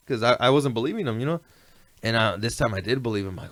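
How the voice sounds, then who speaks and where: A man's voice: medium pitch, expressive, fast talker, a bit bright, no echo. A man telling stories in a laid-back, rambling way, often asking "you know what I mean". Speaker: guest. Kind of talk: casual storytelling chat.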